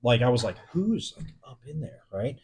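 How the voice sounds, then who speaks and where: A young man co-hosting a podcast, telling a story casually, swearing a lot and getting animated as he recounts being frightened. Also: medium pitch, moderate pace. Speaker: podcast co-host.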